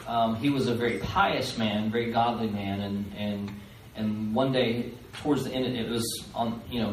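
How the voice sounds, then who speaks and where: A man teaching a live seminar, animated, acting out the voices of the people in his stories. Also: mid-range voice, slight background noise. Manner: animated, acts out quoted voices. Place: fellowship hall, live. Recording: roomy live recording from far off.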